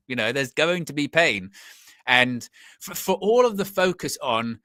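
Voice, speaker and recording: A young man hosting a live football fan stream, chatting in an animated way and laughing often. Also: a little high, measured pace, no room sound, studio quality. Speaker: football fan channel host.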